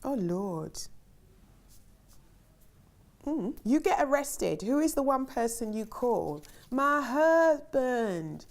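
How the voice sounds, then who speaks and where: A woman's voice: a little high, big pitch swings, slow pace, pauses often. A middle-aged woman, a film director, reads interview questions aloud and answers them in a chatty, rambling way with lots of ums and easy laughter. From Ghana.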